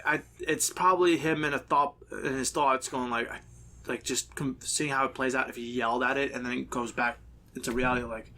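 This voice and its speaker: A man's voice: mid-range voice, steady tone, brisk, sharp tone, a little hiss or hum. A man in casual podcast chat, rambling and hesitant, with some swearing. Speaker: podcast co-host.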